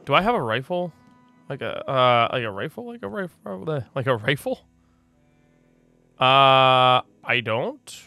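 A man hosting a let's play, commenting on the game in an excitable, joking way. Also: mid-range voice, unhurried, creaky, faint music behind. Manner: excitable, joking, often laughing. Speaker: gaming channel host.

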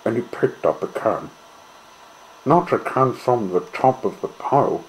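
A man reading a children's story aloud in a gentle, measured way. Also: mid-range voice, animated, slight background noise, poor audio.

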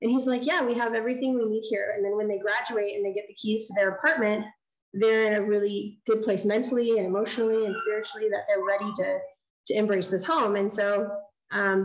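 A woman giving a design lecture, telling a story in an animated way and acting out the dialogue. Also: medium pitch, roomy sound, poor audio. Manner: animated, acts out quoted dialogue. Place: lecture hall.

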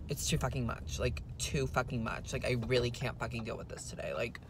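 A man's voice: medium pitch, level tone, normal speed, noisy background, lightly acted. A man playing a spoiled, foul-mouthed, entitled rich young woman in a comedic parody vlog, whining in a valley-girl drawl full of "like" and swearing from inside a car. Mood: whiny, annoyed.

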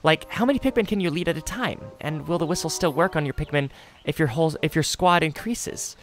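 A man's voice: on the high side, brisk, over music, lightly acted. A man voicing an eager male researcher who stammers and repeats words.

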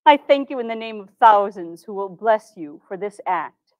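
Composed 1860s reformer, a woman in the role, speaking in a formal, measured, old-fashioned way. Her voice sits in a middle register. The recording is close and dry. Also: medium pitch, lively intonation, a little mellow, no echo, dull audio, lightly acted. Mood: recounting. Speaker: historical reenactor. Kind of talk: first-person historical monologue.

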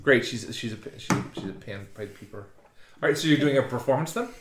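A man running a tabletop game as game master, narrating haltingly with restarts and chuckles. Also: mid-range voice, animated. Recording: echoey room with background noise.

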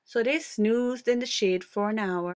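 A woman reading a children's picture book aloud in an expressive, playful way. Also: a little high, a little slow. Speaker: storyteller. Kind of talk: storybook read-aloud.

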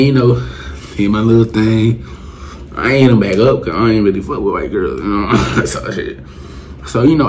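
A young man telling a rambling storytime to the camera, full of slang and swearing, jumping up in pitch when he acts out his friends. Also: slight background noise. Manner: animated, acts out friends' lines with pitch jumps. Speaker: vlogger. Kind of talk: casual storytime.

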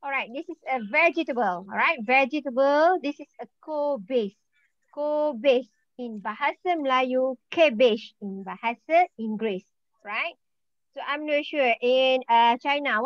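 A Malaysian woman whose first language is Malay, teaching an online Malay lesson in English and slowly repeating words for her students. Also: sits high, dry recording, muffled recording.

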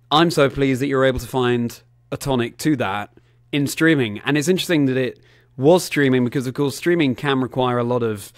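A man hosting a podcast interview in a measured, supportive way. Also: mid-range voice, no room sound, clean studio sound. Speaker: podcast host. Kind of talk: casual interview chat.

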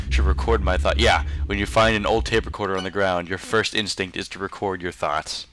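A man's voice: low-pitched, fairly even intonation, a little fast, hardly any pauses, noisy background. A man giving casual, sarcastic commentary while playing a video game, talking back to the game. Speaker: let's play gamer.

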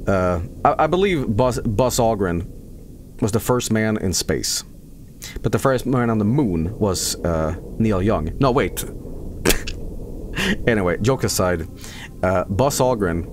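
A man's voice: lowish voice, expressive, slow, long pauses, noisy background. A man streaming a game, chatting casually as he plays, rambling and joking, swearing often. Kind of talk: casual live-stream commentary.

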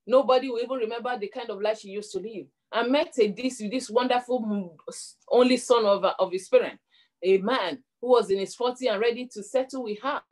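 A woman's voice: fairly high pitch, darkish tone. A middle-aged woman preaching a sermon, telling a story and leading prayer in an earnest way, often repeating words as she builds her points.

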